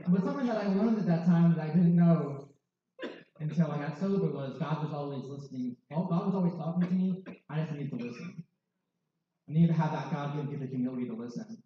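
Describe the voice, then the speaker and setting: A man in his twenties speaks frankly about his past, slipping into self-mocking jokes. His voice is mellow and a touch high. He sounds distant and dull in a big, very echoey hall. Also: fast, a little hiss or hum. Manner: candid, self-mocking, wry humor. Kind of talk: personal testimony talk.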